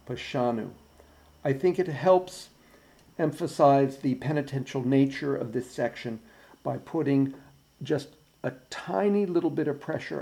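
A man's voice: mid-range voice, gravelly, mellow. A man as a choir director giving precise, patient rehearsal instructions and counting in beats, with piano played alongside. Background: piano playing.

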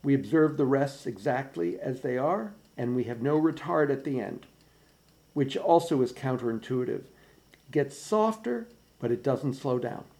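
A man directing a choir's bass section, patiently explaining how to sing each phrase and counting them in. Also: animated, unhurried, creaky, darkish tone. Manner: patient, precise coaching with counting in. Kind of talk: choir rehearsal instruction. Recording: practice recording with piano.

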